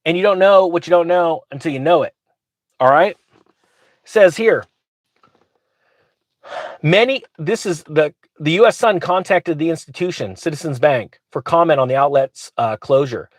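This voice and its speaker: A man's voice: on the high side, moderate pace, long pauses, no room sound, clean studio sound. A man ranting sarcastically about bank news while recording from inside his truck. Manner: sarcastic, grumpy, mocking. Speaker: finance vlogger reading news. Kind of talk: ranting commentary.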